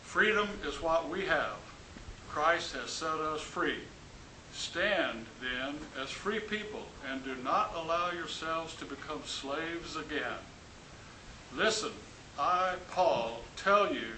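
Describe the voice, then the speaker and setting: A man from the class reading scripture aloud in a plain, steady way. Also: on the high side, takes it slowly. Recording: roomy, with faint hiss.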